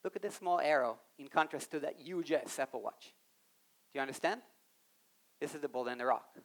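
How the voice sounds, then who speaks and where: A man giving an animated live talk on a conference stage, speaking straight to the audience and acting out quoted voices. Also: fairly high pitch, a little fast. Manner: animated, addresses the audience directly.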